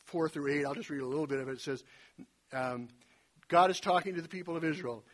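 A man delivers a sermon conversationally, retelling scripture with lively, folksy asides in a slightly husky voice. His pitch sits on the high side and he speaks fast.

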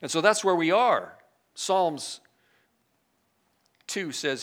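A man preaching a sermon and reading scripture aloud. He swings between loud, emphatic lines and hushed, quiet asides. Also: a little high, sing-song, takes it slowly, pauses often.

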